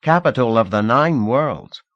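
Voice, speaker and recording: A man's voice: medium pitch, lively intonation, measured pace, a bit bright, dry recording, highs cut off, voice pushed up. A man voicing an earnest, cautious young man who was once a beggar, speaking in a plain, careful way.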